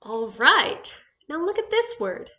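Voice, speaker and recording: A woman teaching a phonics lesson to first graders, slow and patient, drawing out each word and praising often. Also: high voice, very animated, bright, forceful tone, dull audio. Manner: slow, patient, drawn-out words with encouraging praise. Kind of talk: phonics lesson for young children.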